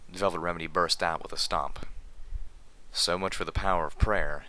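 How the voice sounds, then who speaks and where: Deep, bright-toned male reader. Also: steady tone, brisk. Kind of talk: reading fan fiction aloud.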